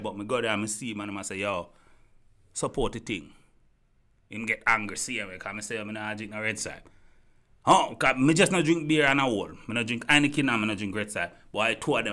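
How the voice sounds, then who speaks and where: Man, Jamaican accent, heated rant, repetitive, direct address, bright tense voice. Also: medium pitch. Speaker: commentator. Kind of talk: rambling opinion rant to camera.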